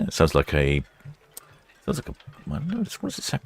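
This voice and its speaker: A man's voice: very deep voice, huge pitch swings, brisk, creaky, pauses often, breathy edge. A man hosting a live stream, giving casual, rambling commentary and correcting himself as he goes. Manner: chatty, rambling, self-correcting.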